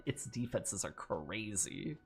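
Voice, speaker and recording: A man's voice: on the low side, very animated, takes it slowly, faint music behind. A man giving casual gameplay commentary, thinking aloud, swearing freely and laughing often. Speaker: gameplay streamer.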